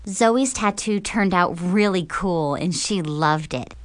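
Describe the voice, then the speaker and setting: Woman narrator for a teen diary audiobook; expressive, sarcastic, dry booth sound. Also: lowish voice, slow pace, no room sound.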